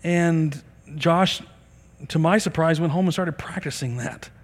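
A man preaching a sermon in a church service, telling stories with animated delivery and acting out the people in them. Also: a little high, measured pace. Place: church sanctuary during a service. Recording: long reverb of a large hall.

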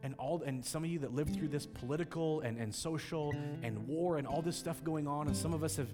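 A pastor in a big church hall, his fairly high voice carrying earnest, emotional preaching as he leads communion. Long reverb trails each phrase, and guitar music plays clearly behind him. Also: fairly quick. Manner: earnest, emotional, repeats words when he pushes. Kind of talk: sermon leading communion.

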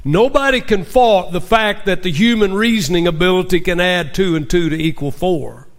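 High-voiced man preaching emphatically. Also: normal speed. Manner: emphatic preaching with rhetorical questions to the congregation. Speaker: pastor. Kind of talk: sermon.

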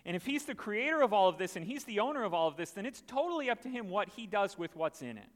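A man gives an animated, conversational sermon. His voice is fairly high and swings widely in pitch. A long hall reverb follows each phrase. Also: quick pace. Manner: animated, conversational, acts out the story. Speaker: preacher.

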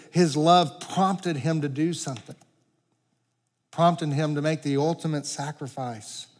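A man preaching a sermon as pastor, earnest, swelling louder and dropping to quiet emphasis, in a church sanctuary. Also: fairly high pitch. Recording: long reverb of a large hall.

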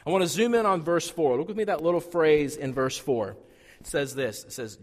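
Male pastor from Wyoming, lively storytelling sermon, somewhat high voice, reverberant church hall. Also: fairly quick. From Wyoming, USA. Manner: animated, conversational, swings between loud and hushed.

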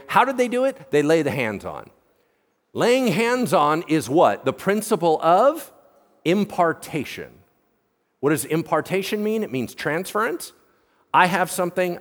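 Animated man preaching in a reverberant hall. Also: fairly high pitch. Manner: animated storytelling, acts out characters in a playful voice. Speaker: pastor. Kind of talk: casual sermon.

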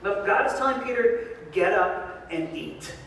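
A man preaching a sermon as pastor, lively and joking, recorded from a distance in a large church hall. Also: high-pitched, unhurried, creaky, slight background noise. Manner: lively, joking preacher who acts out voices. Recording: echoey hall from far off.

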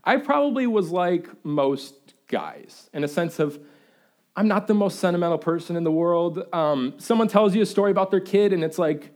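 Animated young male pastor preaching. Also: high voice, moderate pace. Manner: animated storytelling, excitable and playful. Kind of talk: sermon. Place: church.

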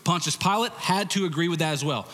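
A male preacher giving an animated, conversational sermon with frequent restarts. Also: fairly high pitch, fast. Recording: reverberant hall.

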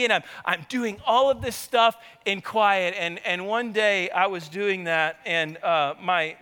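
A man as pastor, preaching a sermon with animated, conversational storytelling and asking the congregation to answer him. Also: high-pitched, smooth. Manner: animated, conversational, engages the audience. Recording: long hall reverb.

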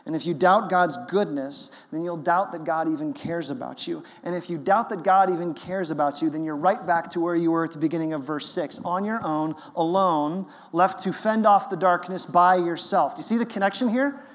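A man's voice: a little high, normal speed, few pauses, big-room sound. A man preaching a sermon as pastor, emphatic and conversational.

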